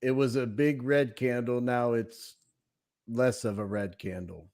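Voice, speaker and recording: A man's voice: mid-range voice, steady tone, unhurried, darkish tone. A man co-hosting a casual livestream, hesitant and full of fillers. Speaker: livestream co-host.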